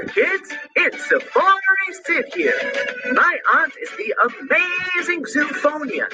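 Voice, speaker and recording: A bouncy safari guide for kids. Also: male voice, very high-pitched, heavily acted, rough recording. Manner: bouncy, enthusiastic kids' song delivery. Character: cheerful young male safari guide. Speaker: children's song narrator. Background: music.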